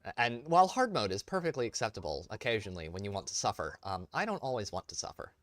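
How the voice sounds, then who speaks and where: A man's voice: fairly low pitch, sing-song, quick pace, dry recording, studio quality. A man streaming a tank game with casual, joking, rambling commentary. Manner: joking, rambling, playfully theatrical. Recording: loud game noise behind voice. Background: tank game sounds.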